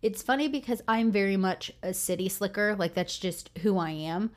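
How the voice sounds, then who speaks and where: A woman in her thirties with a Midwestern American accent, co-hosting a casual podcast in a chatty, animated way. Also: mid-range voice, moderate pace. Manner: chatty, animated storyteller with frequent "like". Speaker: podcast co-host.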